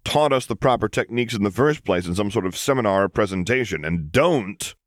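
A blunt second-in-command engineer, exasperated and flatly direct, as a man reading an audiobook voices them. The voice sits low and deep, and every word comes out dry and matter-of-fact. The recording is close and dead, with no room sound. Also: fairly quick, dry recording, lightly acted. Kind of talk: audiobook reading of fan fiction.

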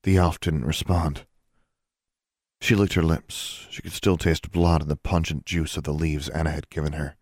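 A man reading a story aloud, expressive and giving each character a voice. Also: rumbling low, moderate pace, no room sound, clean studio sound. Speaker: audiobook narrator. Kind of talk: storybook narration.

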